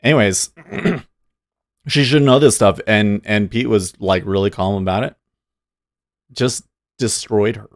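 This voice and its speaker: Here the streamer's pitch sits fairly low, and he takes his time, leaving long pauses with no room sound. He's a day-trading livestream host, opinionated and rambling, chatting back to viewers in loose, dry-sounding commentary.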